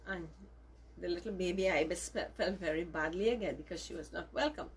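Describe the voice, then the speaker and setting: A woman telling a story to children, gentle and emphatic, with lots of repetition. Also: medium pitch, animated, fairly quick, breathy edge.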